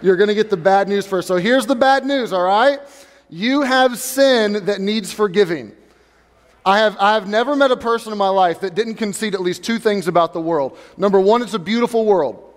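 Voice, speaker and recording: High-voiced male pastor in an echoey hall. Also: moderate pace. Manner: conversational preaching that addresses the congregation directly. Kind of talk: sermon. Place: church sanctuary. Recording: reverberant church hall.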